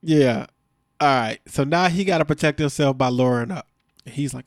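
A man's voice: medium pitch, normal speed, no echo, studio quality. A man co-hosting a podcast, recapping a reality show in casual chat, exasperated and laughing often.

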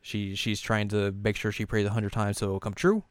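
A man with a low, smooth and resonant voice recaps a show in a loose, rambling way, correcting himself often. The sound is dry and close to the mic. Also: flat delivery, moderate pace, dry recording. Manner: rambling, chuckling, self-correcting. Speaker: podcast host. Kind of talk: casual anime recap chat.

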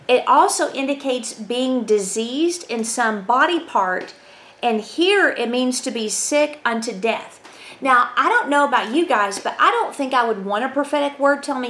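High-voiced woman teaching the Bible chattily. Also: a bit bright. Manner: chatty, often asks "right?" of listeners. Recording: roomy echo, faint background hum.

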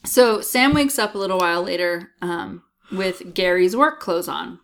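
A woman co-hosting a podcast, casually recapping a TV episode and acting out the characters' lines in quick quoted voices. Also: on the low side, animated, fairly bright tone. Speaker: podcast co-host.

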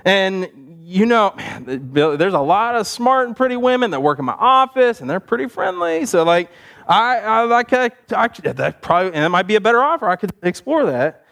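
A man playing a father giving his son slow, teasing advice in a sermon story. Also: high voice, sing-song, creaky, fairly bright tone, exaggerated voice. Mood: wry.

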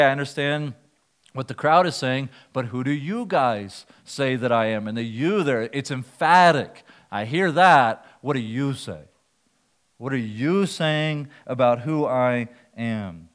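Man, pastor preaching, earnest teaching tone, mid-pitched voice, restarts words now and then. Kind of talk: sermon.

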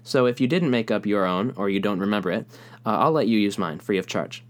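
A young man teaching a rhythm lesson, explaining calmly and speaking rhythm syllables aloud. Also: lowish voice, brisk. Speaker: music teacher.

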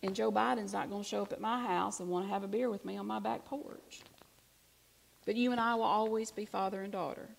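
A woman preaching a sermon, telling a personal story in a conversational way, swinging from hushed to emphatic. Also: mid-range voice, steady tone, fairly quick, vocal fry, a little hiss or hum.

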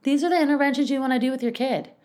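A woman's voice: high-pitched, very fast, darkish tone. A woman giving casual parenting advice in a chatty, rambling way, full of asides and restarts. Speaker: parenting coach.

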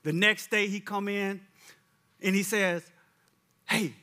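A male preacher with a high, bright, ringing voice delivers a sermon. He talks in a loose, conversational way, repeating himself often, and presses his listeners with fervent exhortations. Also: flat delivery, unhurried. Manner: conversational storytelling with frequent repetitions.

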